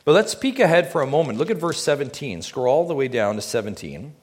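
A man's voice: medium pitch, expressive, fast. A man preaching a sermon as pastor, emphatic, drawing the congregation in with rhetorical questions he answers himself.

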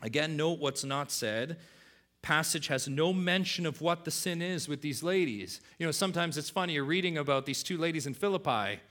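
A middle-aged man preaching a sermon as pastor, dropping low and quiet, then rising loud for emphasis. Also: expressive, moderate pace.

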